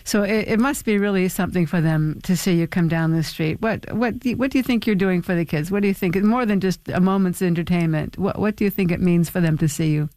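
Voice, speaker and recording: A woman interviewing a guest on radio, asking questions in a friendly, measured way. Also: on the low side, a little mellow, dry recording.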